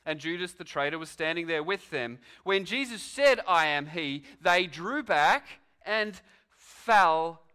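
A man's voice: high-pitched, unhurried, bright, forceful tone, smooth. A man preaching a sermon, telling it as a story with dramatic rhetorical questions. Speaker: pastor.

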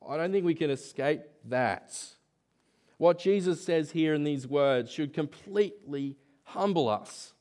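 A man's voice: a little high, measured pace, a little mellow. A man preaching a sermon in church, talking conversationally and asking rhetorical questions.

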